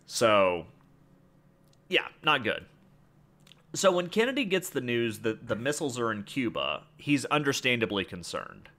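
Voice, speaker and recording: Lively, bright-voiced man hosting a podcast. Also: medium pitch, measured pace. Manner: explains with jokes and asides. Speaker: podcast host. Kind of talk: casual history podcast narration.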